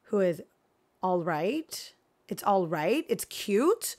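A woman streaming a video game, chatting casually with viewers and swinging between excited gasps and mock dread. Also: medium pitch, slow. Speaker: gaming streamer. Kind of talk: casual live gameplay chat.

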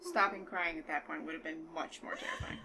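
A woman's voice: fairly low pitch, wildly swooping pitch, brisk, heavy background noise. A woman giving casual, joking commentary while playing a horror game, swearing freely as she goes. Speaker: let's play gamer.

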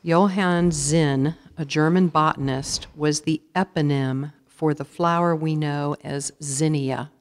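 A woman with a low, deep voice calls out words one by one, saying each clearly and more than once. She reads definitions and sample sentences in a measured, formal tone. Her voice rings with the long reverb of a big school auditorium. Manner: measured, even, repeats each word clearly. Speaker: spelling bee pronouncer. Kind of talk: formal word reading with definitions. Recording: long reverb of a large hall.

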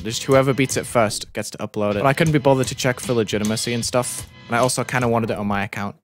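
A young British man talking in a put-on American accent, commentating his own game live on stream and yelping at his deaths. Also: mid-range voice. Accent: American, put on over a British one. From Britain. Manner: excitable, yelps and shouts at in-game deaths. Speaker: gaming streamer.

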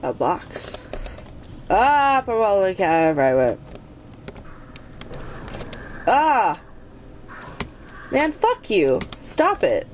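A woman's voice: mid-range voice, wildly swooping pitch, very slow, long pauses, darkish tone, a little hiss or hum. A woman hosting her own gaming channel, giving let's play commentary while she plays, exasperated and swearing at the game, often chanting the same urging words over and over. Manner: chants repeated urging phrases.

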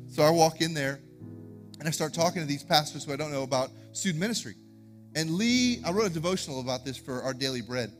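A man, a pastor giving announcements and introducing a guest speaker in a church sanctuary, talking in an energetic, informal way. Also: on the high side, fast talker, soft background music.

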